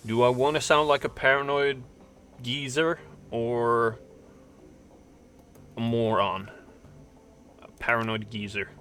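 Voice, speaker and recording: Slow-talking man hosting a game stream. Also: mid-range voice, a bit bright. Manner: rambling, self-mocking, many fillers. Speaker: streamer host. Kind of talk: casual game stream commentary, reading game text aloud.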